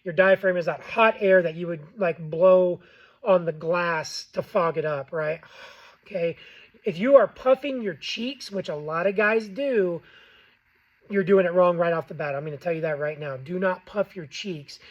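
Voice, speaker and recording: Man, higher voice, plain-spoken how-to host, slightly dull recording. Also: normal speed. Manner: plain-spoken, frequent ums, checks in with okay. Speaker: game call maker and tutorial host. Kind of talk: casual how-to tutorial.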